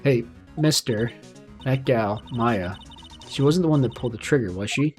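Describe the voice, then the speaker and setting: A man's voice: medium pitch, normal speed, faint music behind, lightly acted. A man reading the part of a brash, blunt-talking country woman photographer in a game, in folksy phrasing.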